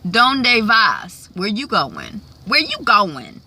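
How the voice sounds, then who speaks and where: A woman voicing a gruff, unwelcoming old male rancher with a dismissive drawl. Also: mid-range voice, wildly swooping pitch, slow, bright, forceful tone, exaggerated voice.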